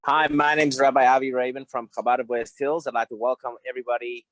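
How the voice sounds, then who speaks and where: A man giving a brief, halting welcome and blessing as a local rabbi over a video call. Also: mid-range voice, flat delivery, rough recording. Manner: halting, many fillers.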